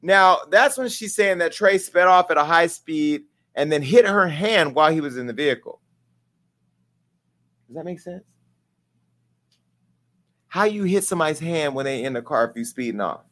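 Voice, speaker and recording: Guy hosting a gossip show, brash and blunt, bit higher voice, aave, cracking jokes. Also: lively intonation, moderate pace, long pauses, a bit bright. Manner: brash, candid, comedic storytelling. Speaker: talk show host. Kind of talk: gossip commentary.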